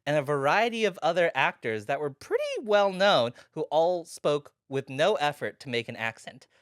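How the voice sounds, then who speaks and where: A woman who is a guest comedian, telling rambling personal stories with deadpan jokes in a casual chat. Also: low voice, moderate pace, no room sound, clean studio sound.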